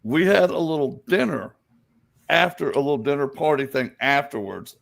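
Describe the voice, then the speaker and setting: A man's voice: fairly high pitch, normal speed, creaky. A man from Alabama, a psychic guest, telling stories in casual chat and acting out the voices he quotes. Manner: animated storyteller, acts out quoted voices.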